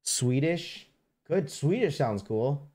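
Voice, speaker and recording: A man's voice: a little high, lively intonation, slow, a little mellow, no echo. A man hosting a live stream, talking casually and rambling to his chat. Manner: rambling, chatty, talks straight to chat. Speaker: livestream host.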